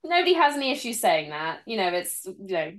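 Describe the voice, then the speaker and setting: A woman's voice: mid-range voice, very animated, fairly quick, fairly bright tone. A woman hosting a podcast, chatting enthusiastically with her guest and leaning on filler words. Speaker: podcast host. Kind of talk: casual interview chat.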